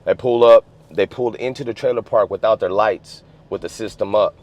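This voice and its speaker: On a dull lo-fi recording, a US West Coast man recounts a story in relaxed street slang, swearing openly and filling gaps with "you know what I'm saying." His voice is on the low side, fairly quick and darkish.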